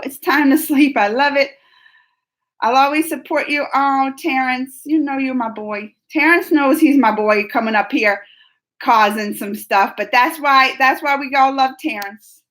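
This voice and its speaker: A woman hosting a casual live-chat video, reading viewers' comments in an animated, playful way and laughing often. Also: fairly high pitch.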